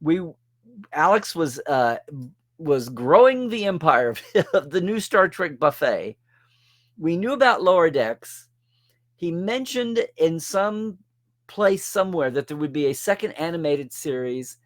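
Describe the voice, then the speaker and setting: A man's voice: fairly high pitch, big pitch swings, measured pace. A middle-aged man hosting a casual monologue, rambling with sarcastic asides and restarting sentences. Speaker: host.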